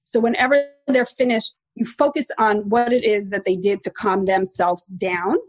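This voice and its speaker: A woman's voice: medium pitch, steady tone, moderate pace, dry recording. A woman in her forties, a parenting expert guest, explaining practical advice in a reassuring, explanatory way. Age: 40s. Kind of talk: interview advice.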